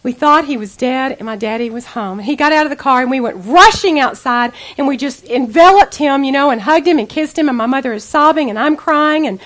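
Lady preacher, high voice, earnest and pleading, talking right to the women. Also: brisk, few pauses, a bit bright. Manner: earnest storytelling, intimate and pleading. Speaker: women's speaker. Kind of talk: personal testimony sermon.

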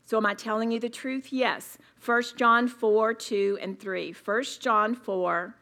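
A woman's voice: a little high, steady tone, slow, fairly bright tone. Emphatic woman preaching at a retreat. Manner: emphatic, repeats words for stress. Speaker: women's retreat speaker. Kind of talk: sermon.

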